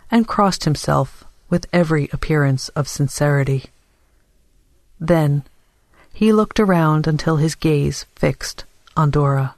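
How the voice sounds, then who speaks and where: A man reading a novel aloud as narrator, measured and even, on a close studio mic. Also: a little high, dry recording. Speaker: audiobook narrator. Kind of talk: scripted narration.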